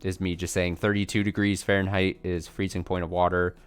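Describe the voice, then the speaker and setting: Man, low voice, casual game-stream chatter, rambling, self-deprecating. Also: flat delivery, brisk, clean tone. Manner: rambling, self-deprecating, chuckling, answers chat questions. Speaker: let's play streamer. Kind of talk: casual chat while playing a game. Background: faint game music.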